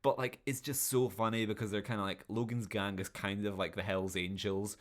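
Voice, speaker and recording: A man from England with a fairly low voice co-hosts a casual film podcast. He talks in an animated, sweary way and keeps acting out the characters in mocking voices. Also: a little fast. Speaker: podcast co-host. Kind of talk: casual film review chat.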